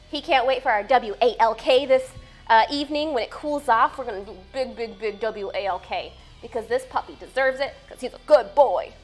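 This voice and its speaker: A young woman, a fitness trainer, chatting playfully with her live-stream viewers from home. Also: fairly high pitch. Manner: bubbly, playful, reads chat aloud and answers it. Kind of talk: casual live-stream chat.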